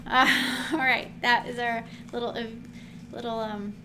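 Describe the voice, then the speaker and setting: A woman host giving a casual Bible teaching, chatty and animated, laughing often and acting out quotes. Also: fairly high pitch, a little slow. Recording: noticeable background noise.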